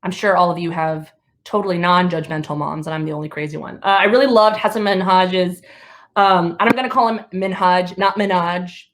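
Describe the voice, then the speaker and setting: Chatty animated woman comedian. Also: fairly low pitch, brisk. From Alabama, USA. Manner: animated storytelling, chatty, laughs between lines. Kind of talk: stand-up comedy.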